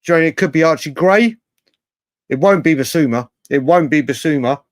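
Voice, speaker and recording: A man's voice: fairly high pitch, brisk, no room sound. A man hosting a live fan stream, chatting through viewer comments with a lot of repetition and the odd swear word. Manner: animated, swears, repeats himself often. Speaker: host of a live fan show.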